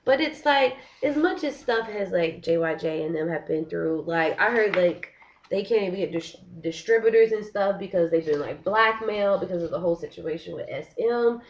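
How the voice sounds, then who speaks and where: A young woman venting on a casual vlog, talking in an animated, frustrated way and filling her sentences with "like". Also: lowish voice, moderate pace, dull audio, slight background noise. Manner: frustrated, animated, heavy use of "like". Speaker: vlogger. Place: living in Korea.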